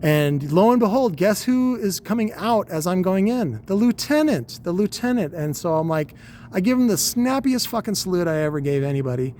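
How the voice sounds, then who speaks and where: Man, 40s, casual podcast storyteller, rambling, profane, wry, slightly high voice. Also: animated, normal speed, a little mellow, a little hiss or hum. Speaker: podcast host.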